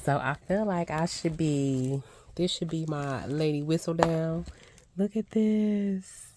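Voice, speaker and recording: An older woman doing a casual unboxing vlog, gushing with excited exclamations as she shows off crafting supplies. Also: deep voice, unhurried, noisy background. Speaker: crafting vlogger.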